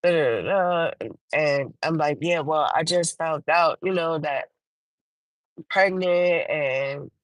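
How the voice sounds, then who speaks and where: A woman's voice: no room sound, low-quality recording. A woman hosting a livestream, telling a personal testimony in casual talk. She halts often, restarts her sentences, and lifts her voice when she quotes herself. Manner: halting, with many restarts and fillers; acts out her own quoted words with a higher voice. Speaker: livestream host.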